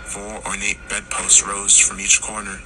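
A man narrating a horror story, acting out the characters' lines and rising to shouts in tense moments. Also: fairly low pitch, completely flat delivery, a little slow, low-quality recording. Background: music.

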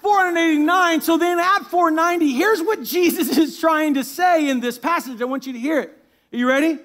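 Pastor, male, high-pitched, lively sermon delivery that laughs at its own asides. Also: a little fast. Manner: animated preaching, drops to a hushed tone when reading scripture.

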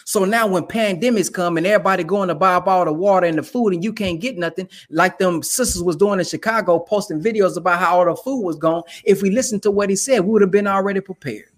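A man's voice: high-pitched, quick pace, few pauses. A young man giving emphatic, preachy commentary in casual, colloquial talk. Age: young adult. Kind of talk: casual direct-to-camera commentary.

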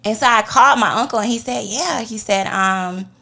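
A woman co-hosting a faith podcast, telling a personal story with lively acted-out quotes. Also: a little high, moderate pace, gravelly. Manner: animated storytelling, acts out quotes. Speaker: podcast co-host.

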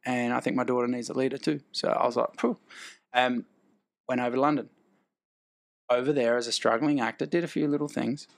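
An Australian man with a gravelly, fry-edged voice at an ordinary middle pitch. He tells his stories casually and slips into the voices of the people he quotes. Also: fairly quick, pauses often. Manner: animated, acts out quoted dialogue, laughs between lines. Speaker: actor and guest. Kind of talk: casual storytelling.

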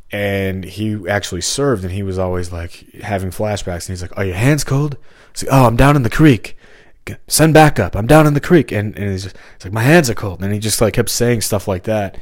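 Low-voiced man rambling solo. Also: a little mellow, no room sound, clean studio sound. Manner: meandering, jumps between topics, self-interrupting. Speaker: podcast host.

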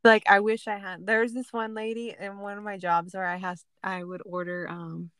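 A young woman co-hosting a podcast, telling stories in a lively, casual way and swearing freely. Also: medium pitch, normal speed, clean tone, no echo. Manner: animated storytelling, swears casually. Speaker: podcast co-host. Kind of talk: casual chat.

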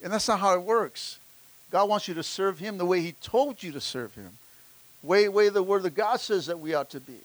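Preaching at normal speed in a high voice, a pastor fervently calls out to his congregation, trading call-and-response and restarting lines with repeated words. The recording is dry.

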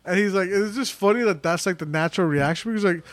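Man, podcast co-host, slightly high voice, dry close sound, rambling profane storyteller. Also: fast, dry recording. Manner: loose storytelling, heavy swearing, frequent laughs. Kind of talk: casual podcast chat.

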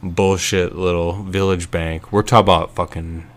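A man co-hosting a casual podcast, tossing in dry, deadpan one-liners. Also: deep voice, normal speed. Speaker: podcast co-host.

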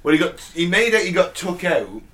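A man's voice: high voice, big pitch swings, fairly quick, fairly bright tone. A British man co-hosting a podcast, joking around with friends and laughing often. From Britain. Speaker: podcast co-host. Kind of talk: casual banter.

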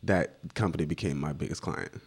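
Low-voiced young man telling a story. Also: a little fast. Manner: relaxed storytelling, acts out quotes. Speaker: guest photographer. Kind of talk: casual conversation.

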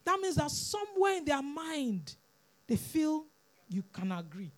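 A woman's voice: high-pitched, big pitch swings, measured pace. A woman preaching a sermon, earnest and pleading, repeating words for emphasis.

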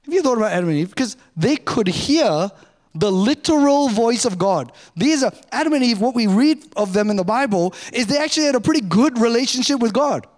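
High-voiced man preaching a sermon. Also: lively intonation, fairly quick. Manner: conversational, self-mocking, varies pace a lot. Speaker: pastor.

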